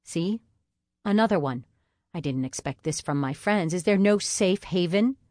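A woman's voice: lowish voice, animated, normal speed, darkish tone, no echo, studio quality, lightly acted. A woman voicing a stiff, flustered young male pastor who speaks in a prim, formal way. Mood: exasperated. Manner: prim, formal, inwardly anxious.

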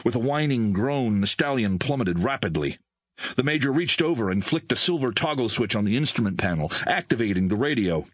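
A man reading an audiobook in a recording studio with measured storytelling on a close mic. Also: mid-range voice, lively intonation, no echo. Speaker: audiobook narrator. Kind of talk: scripted audiobook narration.

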